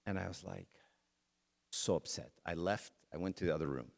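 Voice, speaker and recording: A man's voice: sits low, normal speed, gravelly. A middle-aged man giving a conversational church talk that centres on a personal story, speaking straight to the audience. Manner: conversational, addresses the audience directly.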